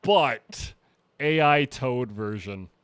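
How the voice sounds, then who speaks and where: A man's voice: medium pitch, animated, extremely slow, a bit bright, clean tone, no echo. A young man co-hosting a casual podcast, laid-back and dry as he steers the conversation. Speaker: podcast co-host. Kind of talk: casual chat.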